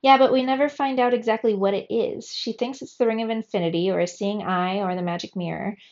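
A woman's voice: mid-range voice, fairly even intonation, fairly quick, a little mellow, lightly acted. A woman reading aloud, voicing an inquisitive, bookish girl of about twelve, on a slightly muffled recording. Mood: curious.

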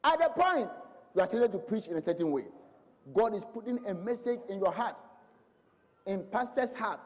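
Impassioned high-voiced male preacher in a hall. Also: brisk. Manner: impassioned, swings between loud proclamations and hushed lines. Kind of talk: sermon. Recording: long hall reverb.

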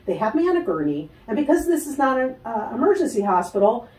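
A woman's voice: fairly high pitch, quick pace. Woman telling a wild story, voice swinging up and down, acts out the other people, sounds kinda far off in an echoey room. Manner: animated storyteller, acts out quoted voices, laughs often. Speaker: guest, spiritual healer. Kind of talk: storytelling in a casual interview.

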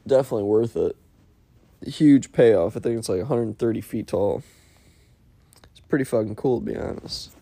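This solo podcast host rambles casually, curses, and jokes at his own expense. He has a lowish, dark, creaky voice, speaks at normal speed, and pauses often.

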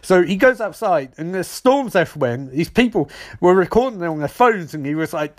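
A man's voice: on the high side, animated, moderate pace, dry recording, clean studio sound. A man casually recapping a TV episode with rambling, sarcastic asides.

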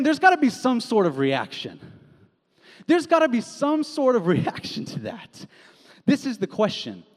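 A young man preaching a sermon as a pastor, casual and animated, telling stories with slang. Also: sits high. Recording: long hall reverb.

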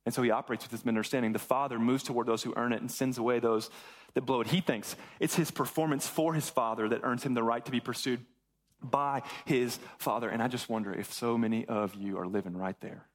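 A man's voice: mid-range voice, fast. A young man preaching a sermon as pastor, retelling a Bible story in casual slang and acting out the characters' lines. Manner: animated storytelling with acted-out voices and casual slang.

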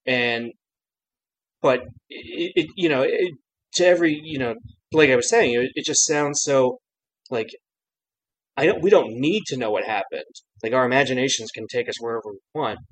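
Male podcast co-host, conversational and lively, mid-range everyday voice. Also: medium pitch, moderate pace, rough recording. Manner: animated, laughing, fond of acting out lines. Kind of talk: casual discussion.

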